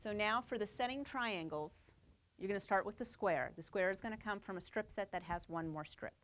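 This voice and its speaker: A woman's voice: medium pitch, fairly quick, fairly bright tone. A woman teaching a quilting class, explaining each step and checking that the students follow. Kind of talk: live classroom demonstration.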